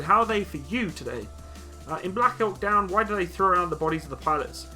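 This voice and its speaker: A man's voice: high voice, animated, fast, bright, forceful tone, faint music behind. A young man from Britain hosting a live stream, reading out chat comments and answering them bluntly with some teasing. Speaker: livestream host answering chat questions.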